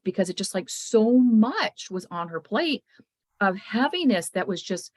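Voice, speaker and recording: A woman hosting a casual chat, telling customer stories with lively retold quotes. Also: medium pitch, measured pace, no echo. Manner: animated storytelling, retells others' words.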